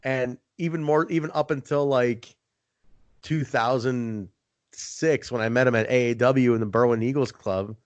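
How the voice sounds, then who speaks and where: A man with a medium-pitched voice, speaking at normal speed, hosts a podcast and tells a story in casual chat. He's an animated storyteller who swears for effect and acts out quoted voices, and the recording is dry and muffled.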